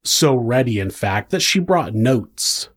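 A man's voice: mid-range voice, sing-song, takes it slowly, breathy edge. A man reading a scripted true-crime narration with dry, sardonic asides.

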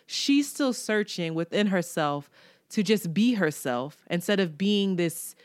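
A woman co-hosting a podcast in casual chat, telling stories in an animated, profane way and acting out what others said. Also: on the low side, unhurried, no echo, studio quality. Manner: animated, profane, storytelling with quoted voices. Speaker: podcast co-host.

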